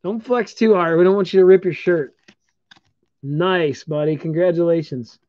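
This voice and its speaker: A man's voice: high-pitched, steady tone, normal speed, no echo. A man hosting a live-streamed trading card break, calling out each card he pulls and congratulating the viewers who own them. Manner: upbeat, congratulating viewers while calling out cards. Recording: dull lo-fi stream audio.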